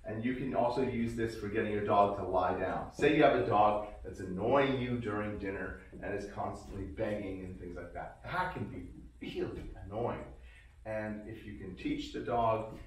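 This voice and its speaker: A man teaching his dog commands, explaining calmly between short cues and breaking into high, excited praise. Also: moderate pace, far from the mic, a little hiss or hum. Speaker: dog trainer. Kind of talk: casual training demonstration. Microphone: robotic tracking camera. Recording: echoey room, voice from away from the mic.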